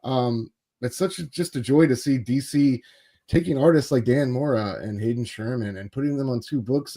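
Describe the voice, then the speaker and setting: A man's voice: medium pitch, a little mellow. A man on a casual panel, talking with enthusiasm and laughing often.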